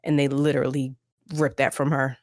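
A woman's voice: a bass voice, brisk, no echo, clean studio sound. A woman co-hosting a podcast, talking casually and with emphasis about a book chapter. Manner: animated, emphatic, repeats herself. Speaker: podcast co-host.

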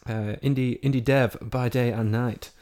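A man's voice: mid-range voice, steady tone, normal speed, a little mellow. A man hosting a podcast in casual chat, jokey and playful, swearing casually. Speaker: podcast host.

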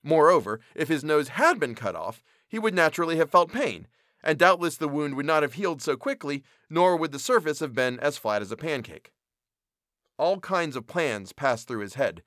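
Male narrator, bright tone, dry close recording, expressive storybook read. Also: fairly high pitch, normal speed, no room sound. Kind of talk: storybook reading.

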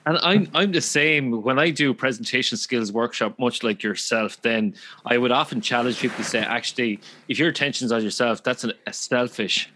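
A man hosts an interview in a relaxed, conversational way. He affirms what his guest says and talks through fillers and restarts, at a pitch in the middle of the usual range for a man. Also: moderate pace, rough recording. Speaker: podcast host.

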